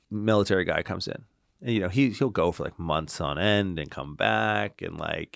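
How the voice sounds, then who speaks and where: Deep-voiced man telling a lively story. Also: normal speed, gravelly, no echo, studio quality. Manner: animated, tags lines with "right?" and "like"; blunt, swears casually. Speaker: podcast guest, clinician. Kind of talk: casual interview storytelling.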